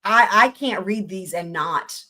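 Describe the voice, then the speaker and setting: Casting note: chatty female stream host, mid-pitched, animated and quick to laugh. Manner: very expressive, chatty, laughs often. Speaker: livestream host. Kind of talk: casual live trial commentary.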